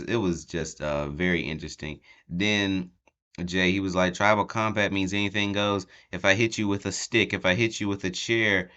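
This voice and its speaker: Deep, smooth-voiced man recapping wrestling. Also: a bit bright, dull audio. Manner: rambling, lots of ums, laughs at the story. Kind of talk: casual show recap.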